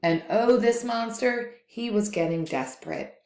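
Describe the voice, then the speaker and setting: A woman teacher telling a story aloud for a lesson. Her voice swings widely in pitch as she acts out the tale. The room leaves a noticeable echo. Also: measured pace, gravelly. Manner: expressive, lively read-aloud.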